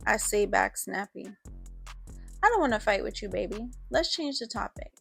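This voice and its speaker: A woman tells her own story in relaxed, slangy first person, and her voice sits a little high. She drops into quick, snappy back-and-forth when she voices the others' lines. Faint music plays under her. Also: vocal fry, husky. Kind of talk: first-person story narration with character dialogue.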